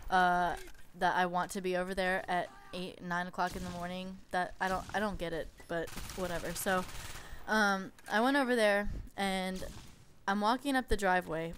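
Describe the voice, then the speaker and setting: A woman's voice: lowish voice, steady tone, normal speed, a bit bright, a little hiss or hum. A young woman in a casual storytime vlog, chatty and exasperated, peppering her stories with "like". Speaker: babysitter telling stories.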